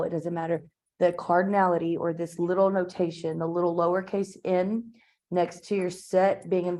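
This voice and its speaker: A woman with a fairly low, mellow voice teaches a math class in a classroom. Her lecture is chatty and informal, packed with asides and fillers.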